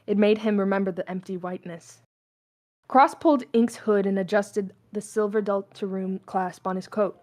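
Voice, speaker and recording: A woman's voice: mid-range voice, steady tone, normal speed, darkish tone, soft background music. A young woman reading fan fiction aloud, casual and stumbling, with a mixed accent that slips toward Southern US. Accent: mixed, slipping toward Southern US. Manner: casual, stumbling, laughing asides.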